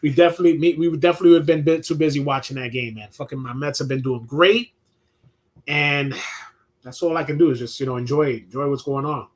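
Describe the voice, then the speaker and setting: A middle-aged New Yorker with a fairly high, steady voice hosts a loose live-stream chat at a quick pace. He reads viewer questions and talks sports, laid-back and swearing freely, with many restarts and laughs.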